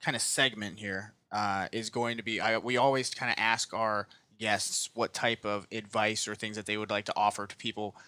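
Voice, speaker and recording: A man's voice: on the low side, little pitch movement, normal speed, hardly any pauses, bright, forceful tone, smooth, no room sound. A man co-hosting a podcast, asking a long, rambling question and dotting it with "right?" and "kind of". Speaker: podcast co-host. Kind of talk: casual interview questions.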